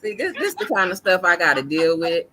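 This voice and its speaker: A woman's voice: on the low side, very animated, a little fast, pushed and bright. A young adult woman, hosting a casual podcast and teasing in an exasperated way. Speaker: podcast host. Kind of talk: casual chat.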